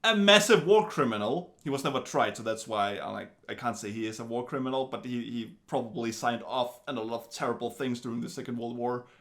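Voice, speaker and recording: A man giving a casual film review in an animated, wry way, full of chatty asides. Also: medium pitch, a little fast, hardly any pauses.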